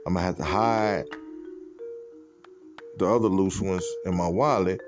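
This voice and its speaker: A man's voice: low voice, steady tone, measured pace, over music. A man hosting a podcast, telling a personal story in a loose, profane, conversational way. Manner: fillers like "you know what I'm saying". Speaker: podcast host. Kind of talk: casual storytelling.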